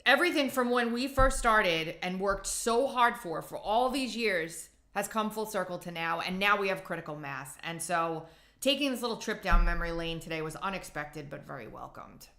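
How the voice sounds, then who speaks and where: A woman hosting a podcast, talking in an emphatic, animated way in a casual chat. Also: fairly low pitch, normal speed. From Italian heritage. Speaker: podcast host.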